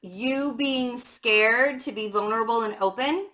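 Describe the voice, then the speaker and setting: Bright-voiced woman giving a tarot reading. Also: on the high side, a little slow. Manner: chatty, frank and emphatic. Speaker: tarot reader. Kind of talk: casual tarot reading to camera.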